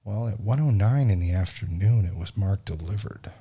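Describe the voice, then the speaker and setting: A man's voice: low voice, moderate pace, dark tone, husky. A man hosting a podcast, casually telling a story in a frustrated, profane way and acting out the dialogue. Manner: frustrated, profane, quotes other people in dialogue. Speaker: podcast host.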